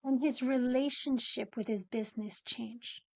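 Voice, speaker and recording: A woman in her forties, a podcast guest and coach, explaining ideas in an animated way and acting out example phrasings. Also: fairly high pitch, a little slow, vocal fry, dry recording. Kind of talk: conversational interview.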